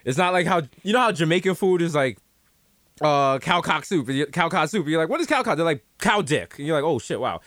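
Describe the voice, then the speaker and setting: A man's voice: a little high, animated, a little fast, a bit bright, no echo. A young man co-hosting a podcast, talking in loose, profane banter and telling stories with acted-out quotes. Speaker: podcast co-host.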